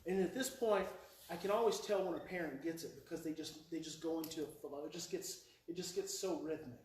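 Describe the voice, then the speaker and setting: A man giving a live talk on parenting, telling a story with lively mimicry and repeating key phrases for effect. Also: on the high side, brisk, slight background noise. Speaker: parenting speaker. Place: hall with a live audience. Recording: echoey hall, speaker heard from far off.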